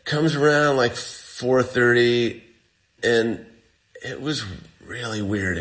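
A man being interviewed, recounting a survival ordeal in casual storytelling, acting out what people said. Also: mid-range voice. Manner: animated, acts out quoted dialogue. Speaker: guest telling a survival story.

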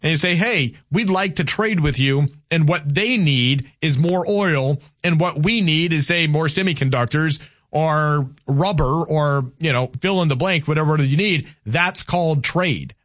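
Southern american man, radio host, slightly high voice, very dry close sound, halting restarts. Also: fairly bright tone, no room sound. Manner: halting, repeats words and restarts, argumentative with callers. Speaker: radio talk show host. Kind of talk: call-in radio talk.

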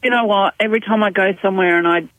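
A woman's voice: mid-range voice, very fast, a bit bright, no room sound. A woman calling in to a radio show, chatty and good-humoured, heard over a phone line. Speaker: caller.

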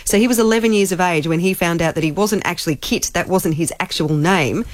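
A woman's voice: lowish voice, a little fast, no echo. Woman, breakfast radio co-host, chatty, giggly, dry studio sound. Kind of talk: casual breakfast radio chat.

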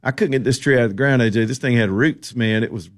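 A man's voice: medium pitch, quick pace. A middle-aged man from the Southern United States hosting opinionated political talk radio, sarcastic, folksy and rambling.

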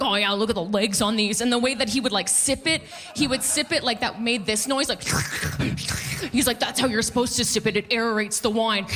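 Her voice a little high, a thirtysomething comedian works a club crowd during her stand-up set. She's lively, chatting with the audience and cracking herself up at her own jokes.

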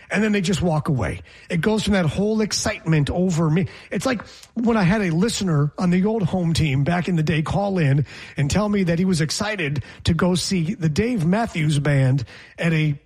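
A man with a high, husky voice hosts a sports talk show. He teases his partner and wanders into long, rambling stories. His tone stays loose and conversational. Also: quick pace, darkish tone. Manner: teasing, rambling storyteller. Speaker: sports radio host. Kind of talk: casual sports talk banter.

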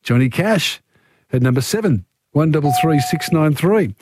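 A man hosting a radio quiz, reading the questions out in a measured way. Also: fairly high pitch, expressive, background noise. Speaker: quiz host.

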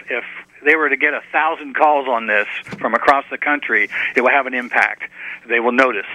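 A man's voice: medium pitch, sharp tone, dry recording, low-quality recording. A man appearing as a guest on a call-in radio show, speaking emphatically and agreeing strongly with callers. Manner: emphatic, agreeing, some restarts. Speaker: studio guest. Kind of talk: radio interview.

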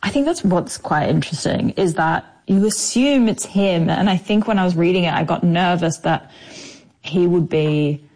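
A woman's voice: fairly low pitch, moderate pace, darkish tone. A woman with an Australian accent, an actress talking casually in an interview, chatty with many fillers. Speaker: actress, guest.

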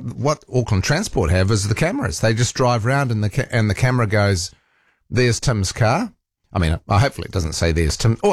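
A man's voice: mid-range voice, no echo, clean studio sound. A man with a New Zealand accent hosting a talk radio show, chatting casually and rambling with fillers and restarts. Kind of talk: casual talkback chat. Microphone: studio microphone.

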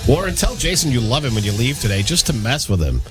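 A man's voice: medium pitch, big pitch swings, fast, music in the background. A man co-hosting a radio show, teasing his partner in a playful way and laughing easily. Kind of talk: casual on-air banter.

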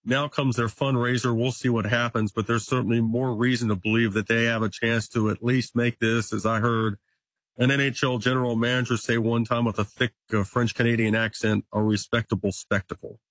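Guest sports reporter, male, husky voice, dry sound, chatty and numbers-driven. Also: medium pitch, fairly even intonation, moderate pace, fairly bright tone, no echo. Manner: stat-heavy, conversational, occasional restarts. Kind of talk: casual sports analysis.

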